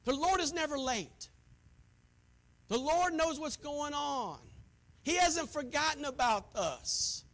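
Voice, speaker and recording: A man pastor preaching a sermon, swinging from hushed asides to shouted points. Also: very high-pitched, animated, takes it slowly, long pauses.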